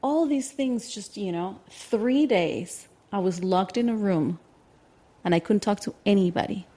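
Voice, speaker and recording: A woman in her thirties co-hosting a podcast, talking through a personal story in a relaxed, chatty way. Her delivery is animated and fast, tumbling over restarts, and she slips into playful voices for the people in her tale. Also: medium pitch. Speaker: podcast co-host. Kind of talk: casual storytelling chat.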